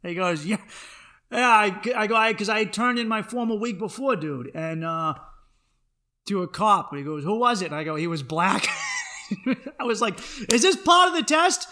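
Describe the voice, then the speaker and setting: A man's voice: high-pitched, moderate pace. A young man, telling a comic story on his podcast and acting out the other people in it. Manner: animated, acts out other people's voices in his stories. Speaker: podcast host. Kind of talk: comedic storytelling monologue.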